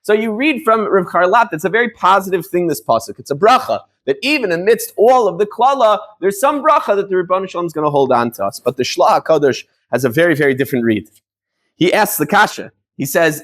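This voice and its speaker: High-voiced rabbi giving a Torah class. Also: male voice, expressive, fairly quick, fairly bright tone. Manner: explanatory, with frequent restarts and Hebrew terms in Ashkenazi pronunciation. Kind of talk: conversational Torah lesson.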